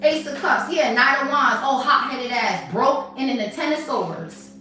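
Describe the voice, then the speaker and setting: A woman's voice: high-pitched, a little slow, pushed and bright. A woman doing a livestream tarot reading who turns to profane, confrontational scolding of her viewers. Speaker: tarot reader. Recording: very echoey room, voice from a distance, faint music.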